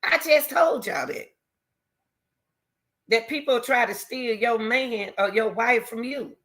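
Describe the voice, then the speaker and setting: A middle-aged woman talking straight to her viewers in casual commentary, reading scripture between emphatic, repeated remarks in a loud, teacherly way. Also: a little high, takes it slowly. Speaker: YouTuber.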